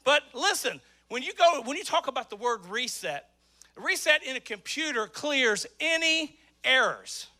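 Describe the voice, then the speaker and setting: A man preaching an energetic sermon to a church congregation, often shouting. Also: very high-pitched, a little slow. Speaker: pastor. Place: church sanctuary with live congregation.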